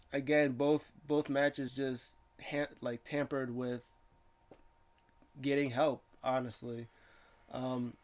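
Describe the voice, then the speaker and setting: A medium-pitched man vlogs a casual, rambling recap of wrestling matches. He's excitable and quick to slip into voices for the people he quotes.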